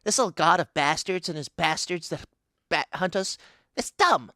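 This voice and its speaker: Man playing a scatterbrained female pixie goddess: gleeful, rambling, bright tone, wildly swinging pitch, dry sound. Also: lively intonation, normal speed, no room sound. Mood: giddy. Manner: rambling, giggly, swings between booming and squealing. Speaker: guest voice actor. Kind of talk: comedic improvised character interview.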